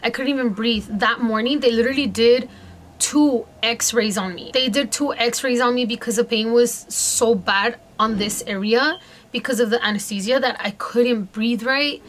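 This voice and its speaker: A young adult woman vlogger telling a story in a chatty, animated way, talking straight to her viewers. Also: on the high side, normal speed. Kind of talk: casual storytime.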